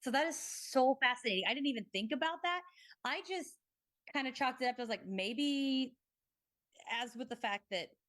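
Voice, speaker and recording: Excitable rambling woman podcast host. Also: high-pitched, normal speed. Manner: rambling, excitable, swears casually. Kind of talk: casual conversational storytelling.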